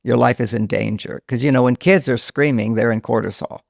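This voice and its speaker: Older male counselor guest, gravelly voice, dry close mic, long explanations. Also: mid-range voice, steady tone, fairly quick, no echo. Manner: explains at length, drops to a hushed voice when quoting a scared child. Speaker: relationship counselor and author, guest. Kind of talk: conversational podcast interview.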